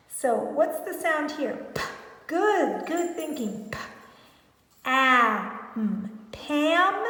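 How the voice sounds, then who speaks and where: A woman's voice: sits high, gravelly. A woman teaching a phonics lesson to young children, stretching out sounds as she sounds out words. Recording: echoey room with long reverb.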